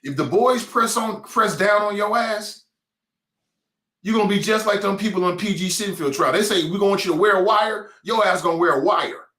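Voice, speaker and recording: A man's voice: high-pitched, moderate pace, sharp tone, echoey room. A man hosting a talk show with a Cincinnati accent, delivering a blunt, mocking, streetwise opinion monologue.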